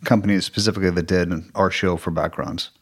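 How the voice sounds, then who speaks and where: A man co-hosting a podcast, speaking in a relaxed, matter-of-fact casual chat. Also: low voice, fast talker, husky. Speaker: podcast co-host, actor.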